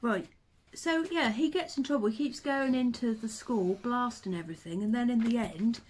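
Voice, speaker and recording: A woman talks casually to her camera, her voice sitting a little on the high side. She tells stories in a chatty, reminiscing way. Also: moderate pace, a little mellow. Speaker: vlogger.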